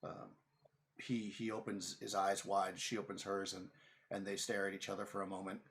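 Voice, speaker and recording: A man narrating as game master of a tabletop game, talking in halting bursts with many fillers. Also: low-pitched, little pitch movement, a bit bright.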